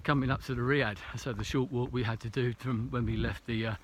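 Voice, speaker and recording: A man's voice: medium pitch, steady tone, fairly quick, slight background noise. A man talking casually to a camera while hiking a snowy mountain trail, a little out of breath, rambling and hesitant with many fillers. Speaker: vlogger.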